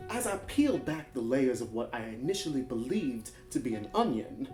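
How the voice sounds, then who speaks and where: A man's voice: mid-range voice, big pitch swings, a little mellow, roomy sound, natural voice. A man doing a theatrical accented sleuth. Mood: mock dramatic. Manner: theatrical, drawn-out mock-dramatic delivery. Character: grandiose male gentleman detective with a put-on accent. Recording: guitar music underneath.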